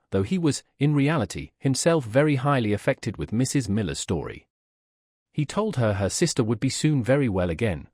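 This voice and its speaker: A man narrates a classic novel in a measured, formal storytelling manner. His pitch moves lively through the sentences. The recording is dry and close. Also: slightly rough, no room sound. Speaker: audiobook narrator.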